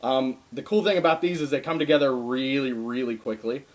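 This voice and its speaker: A man's voice: medium pitch, brisk. A young man giving a casual darbuka lesson, talking informally with frequent ums and uhs and stopping to play between phrases. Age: young adult. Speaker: darbuka teacher. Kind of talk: casual spoken drum lesson. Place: home room with drum. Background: darbuka drumming between phrases.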